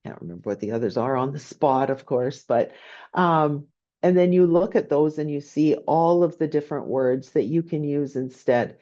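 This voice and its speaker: A woman's voice: deep voice, moderate pace, dark tone, muffled recording. A woman business professor giving a conversational online lecture, often checking in with "right?". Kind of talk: online lecture answering questions.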